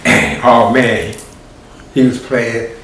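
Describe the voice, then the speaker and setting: A man's voice: medium pitch, takes it slowly. A man telling a story in a folksy, conversational way, as a storyteller. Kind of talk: animated oral storytelling. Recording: roomy, distant, faint hiss.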